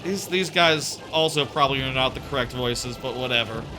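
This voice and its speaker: A man's voice: medium pitch, moderate pace, over music. A man giving casual gameplay commentary as a streamer, rambling and sardonic, with frequent stammered restarts.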